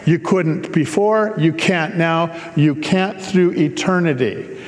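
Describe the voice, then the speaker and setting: A man's voice: on the high side, slow, big-room sound. A man preaching a sermon, reading scripture aloud and breaking off for casual, joking asides to explain it.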